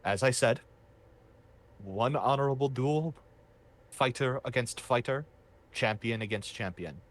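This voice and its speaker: A man voicing a proud, honorable male half-dragon warlord who speaks slowly and formally. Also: medium pitch, natural voice. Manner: slow, formal, commanding.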